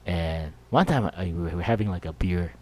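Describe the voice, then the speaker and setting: A man's voice: low-pitched, moderate pace, a little mellow. A middle-aged man hosting a podcast, rambling and jokey in a casual monologue. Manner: rambling, jokey, full of fillers. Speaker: podcast host.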